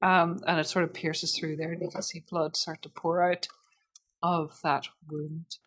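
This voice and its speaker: A woman narrating as game master of a tabletop role-playing game, relaxed and giggly with many fillers. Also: low voice, unhurried.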